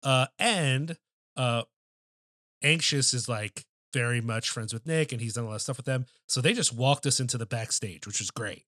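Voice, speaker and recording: A man with a mid-range, pushed, bright voice tells a loose, profane story at a moderate pace while co-hosting a podcast. The chat is casual and full of fillers, recorded at studio quality without echo.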